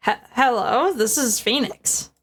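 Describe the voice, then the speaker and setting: A woman's voice: a little high, a little slow, fairly bright tone, breathy edge. A woman voicing a young male lawyer who is anxious and broke, reading game dialogue aloud on a stream. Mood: puzzled.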